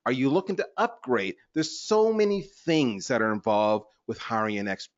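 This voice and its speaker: A man hosting a business webinar in a lively, chatty, self-deprecating way. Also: mid-range voice, normal speed, no echo. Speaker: webinar host. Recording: dull lo-fi webinar audio.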